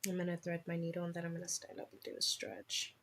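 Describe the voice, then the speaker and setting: A woman's voice: lowish voice, lively intonation, quick pace, gravelly, a bit bright, slight background noise. A woman chatting casually on a livestream while she cross-stitches, laughing at herself and muttering as she works.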